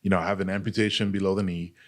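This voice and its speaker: A man with a very low voice talks as a podcast guest. He tells his recovery story candidly and bluntly, swearing freely and leaning on "like" and "dude". His tone stays earnest as he shares his experience. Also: level tone, racing. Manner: blunt and profane, heavy use of "like" and "dude"; earnest, speaks openly about pain and recovery. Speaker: podcast guest, army veteran.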